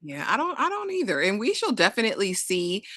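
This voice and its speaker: Bright-voiced woman giving blunt opinions. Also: medium pitch, wildly swooping pitch, fast talker, no echo. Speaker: show co-host. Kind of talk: casual TV recap chat.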